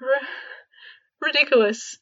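A woman's voice: mid-range voice, fairly even intonation, slow, slightly rough, highs cut off. A woman voicing a frightened, guilt-ridden young man who stammers and pleads. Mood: pleading. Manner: stammering and shaky.

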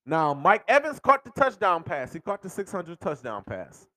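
A man hosting a podcast with a strikingly high voice that swings up and down in lively leaps. He rants about sports in an excitable way, cursing and laughing as he talks. The sound is dry and close. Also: normal speed, dry recording. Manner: excitable, swearing, laughing while talking. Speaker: podcast host. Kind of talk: animated sports rant.

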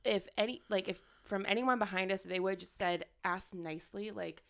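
A woman's voice: medium pitch, gravelly, a bit bright. A woman in casual chat who fills her sentences with "like" and laughs easily. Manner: chatty, leans on "like", quick to laugh.

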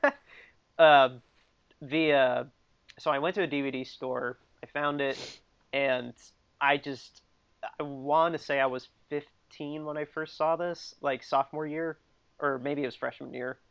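A man in his thirties chats casually on a podcast, wandering through his points with constant fillers and easy laughs. His voice carries a rough, gravelly fry. The recording sounds dull and lo-fi, with a dry and close sound. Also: on the high side, fairly even intonation, unhurried, a bit bright, no echo. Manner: rambling, full of "like" and laughs. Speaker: podcast co-host. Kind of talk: casual chat.

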